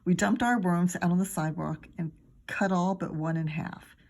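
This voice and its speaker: A woman teacher reading a children's chapter book aloud, expressive and acting out the characters. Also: fairly low pitch, moderate pace. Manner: expressive, acts out each character.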